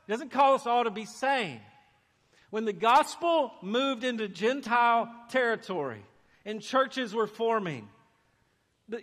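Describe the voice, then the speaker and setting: High-voiced man preaching in a reverberant church. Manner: animated preaching, acts out quoted voices. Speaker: pastor. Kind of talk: sermon. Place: church sanctuary. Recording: long hall reverb.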